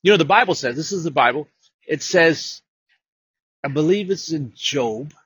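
A male preacher with a bright, forceful voice and a husky edge tells his story, often repeating himself. At times he climbs to loud, emphatic proclamations. His voice sounds close and dry. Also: fairly high pitch, animated, normal speed, no echo. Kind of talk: sermon.

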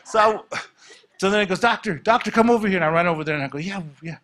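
Animated preacher man telling a story. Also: high voice, fast talker. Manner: animated, acts out dialogue. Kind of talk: storytelling testimony.

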